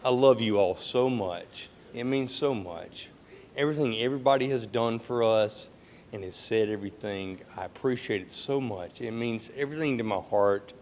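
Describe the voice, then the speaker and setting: A young man giving a heartfelt, rambling rehearsal dinner speech, laughing between lines. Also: darkish tone. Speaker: groom giving a toast. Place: large banquet room at a yacht club. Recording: reverberant hall with faint rumble.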